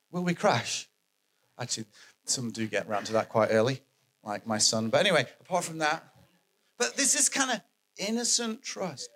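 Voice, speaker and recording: A man preaching a sermon, animated and emphatic, repeating his key phrases for effect. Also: medium pitch.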